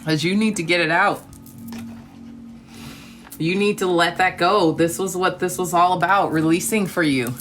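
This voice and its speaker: A woman with a twang talks to her live-stream viewers into a phone, calling them honey and darling. Her voice is bright, and faint music plays behind her. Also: on the low side, moderate pace, pauses often. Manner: spiritual talk of gratitude and trust.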